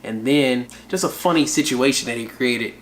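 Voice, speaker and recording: A man's voice: mid-range voice, normal speed, a little hiss or hum. A man hosting a casual song review, laid-back and slangy, chuckling often as he talks. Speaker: music reaction channel host. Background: hip hop track playing.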